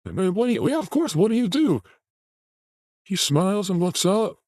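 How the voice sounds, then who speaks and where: Male host, higher-pitched, animated crude mockery, dead-dry room. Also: normal speed, no echo. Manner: mocking, crude, ranting. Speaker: host reacting to a video clip. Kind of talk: commentary on a clip.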